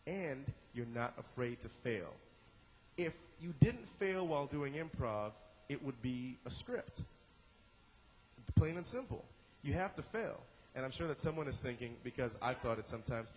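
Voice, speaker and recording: A man's voice: medium pitch, expressive, moderate pace, big-room sound, poor audio. A man teaching an improv class, talking with energy, acting out short examples in character voices and often repeating and restarting his words. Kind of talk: instructional talk to a class.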